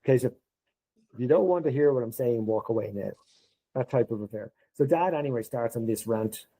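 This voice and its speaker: Talking a little fast in a mid-range voice over poor audio, this middle-aged Irishman spins an anecdote as a podcast guest. He performs the dialogue of each person in the story with lively flair.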